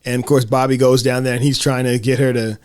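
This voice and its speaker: A man hosting a casual film discussion podcast, animated, often acting out quotes in high voices. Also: fast talker, clean tone, dry recording, studio quality. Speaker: podcast host.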